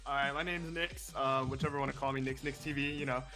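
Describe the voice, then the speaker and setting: A man's voice: mid-range voice, fairly even intonation, fast, loud music behind the voice. A man guesting on a charity game stream, joking and laughing through his lines.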